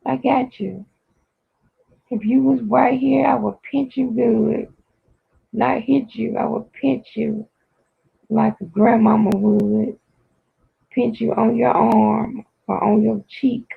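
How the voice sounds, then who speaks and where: Raspy husky livestream host, playful scolding, phone-like lo-fi sound. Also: medium pitch, steady tone, takes it slowly. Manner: playful mock-scolding, repetitive. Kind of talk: casual livestream chat with viewers. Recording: tinny phone-like audio.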